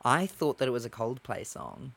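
A young man co-hosting a casual podcast, telling stories in an animated, playful way. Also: medium pitch, moderate pace, gravelly, slightly rough. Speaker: podcast co-host. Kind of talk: casual chat.

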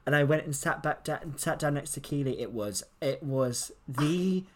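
A man's voice: on the high side, moderate pace. A man, co-hosting a casual podcast chat and telling a funny story animatedly, laughing as he goes. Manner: animated, laughs through his story, acts out quoted lines. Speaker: podcast co-host.

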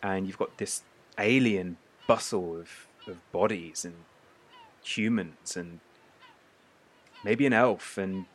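A man narrating a tabletop game as game master, casual and prone to quick restarts. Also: sits low.

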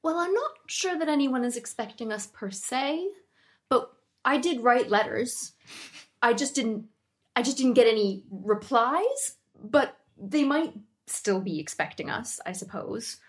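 A woman's voice: fairly high pitch, expressive, measured pace. A woman playing a tabletop game in character, prim and precise, hedging her words. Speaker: player.

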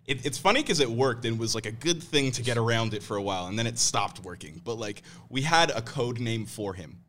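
A man's voice: mid-range voice, expressive, fairly quick, a bit bright. A man co-hosting a podcast, telling a story in a laid-back way and chuckling as he goes. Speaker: podcast co-host. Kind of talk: casual chat.

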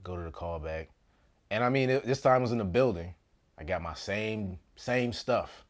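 A man who acts for a living tells a loose, comedic story about his own life at a moderate pace, his pitch swinging high and low. He's animated and laughs often, getting loud at the exciting moments and dropping to a near hush for asides.

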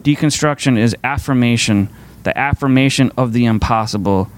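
A man's voice: mid-range voice, normal speed. A man giving a casual, conversational sermon to a faith community, earnest and rambling, restarting his sentences often.

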